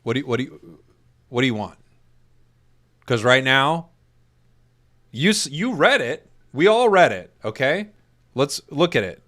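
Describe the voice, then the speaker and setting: A man's voice: mid-range voice, sing-song, fairly bright tone. A man casting an esports tournament, joking with his stream chat in mock outrage during a break, stammering and restarting. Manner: stammering restarts, quick laughs.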